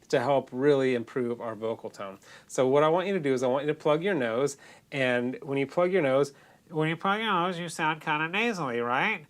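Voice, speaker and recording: A man with a congested, nasal voice, teaching singing in a loose, casual lesson full of restarts. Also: medium pitch. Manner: loose, demonstrating, self-correcting.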